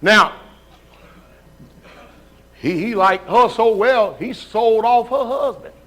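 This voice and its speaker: A male pastor with a notably high voice for a man, preaching live. He keeps calling people up and checking in with the crowd in a loose, conversational way. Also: animated, slow pace, fairly bright tone. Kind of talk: live sermon.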